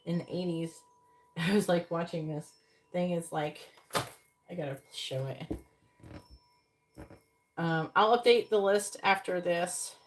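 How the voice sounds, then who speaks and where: A woman's voice: fairly low pitch, slow, long pauses, background noise. Chatty woman reading tarot on a live stream. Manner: rambling, chatty, swears casually. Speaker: psychic tarot reader.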